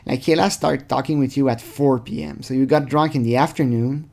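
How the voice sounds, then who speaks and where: A man's voice: medium pitch, fairly quick, creaky, darkish tone. A man hosting his channel, giving rambling, sarcastic casual commentary full of fillers. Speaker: channel host. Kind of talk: casual commentary reading chat logs.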